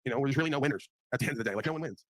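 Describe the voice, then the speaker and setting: Crude streamer guy laughing, mimics folks, talks super fast, dry mic. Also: medium pitch, no room sound. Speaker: livestream host. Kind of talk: casual chat.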